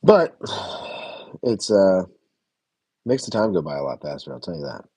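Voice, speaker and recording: Man, deep husky voice, dry close sound, rambling TV review chat, self-correcting. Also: very animated, moderate pace, dark tone, dry recording. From United States. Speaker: reality TV reviewer. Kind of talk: casual reaction review chat.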